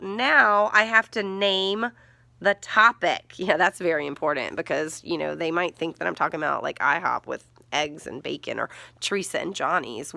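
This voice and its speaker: A woman teacher modeling writing for young children, thinking aloud slowly and sounding words out as she writes. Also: mid-range voice, creaky, bright, forceful tone, no room sound. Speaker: first grade teacher.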